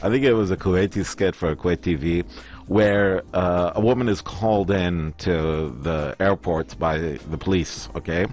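A man's voice: sits low, normal speed, a little mellow. A man in casual conversation, animatedly retelling comedy skits as a storyteller. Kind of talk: casual chat.

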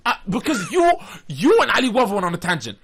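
A man's voice: sits high, huge pitch swings, fast talker, vocal fry, fairly bright tone. A man co-hosting a casual radio chat show, playful and slipping into a put-on slang accent. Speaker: radio co-host.

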